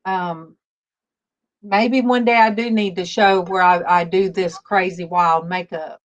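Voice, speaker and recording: A woman hosting a casual faith-based livestream, telling stories slowly with many fillers over a video call. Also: fairly low pitch, fairly even intonation. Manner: rambling, warm storytelling with many fillers. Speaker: livestream host. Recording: dull lo-fi stream audio.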